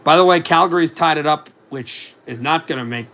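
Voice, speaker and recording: A man calling hockey play-by-play for a fan simulcast, in a rapid running commentary with asides on other scores. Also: a little high, bright, forceful tone, slight background noise.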